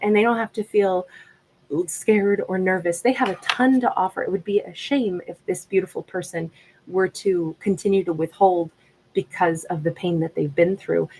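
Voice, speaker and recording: A woman giving a gentle, reflective tarot reading in a conversational way. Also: mid-range voice, slightly rough, poor audio. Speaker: tarot reader.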